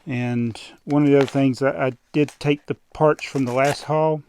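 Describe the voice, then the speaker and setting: A man's voice: mid-range voice, steady tone, normal speed, darkish tone, slight background noise. A man chatting casually as a hobby vlogger at home, rambling on and chuckling at himself. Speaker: toy collecting vlogger. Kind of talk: casual chat. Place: room at home with posters on the walls.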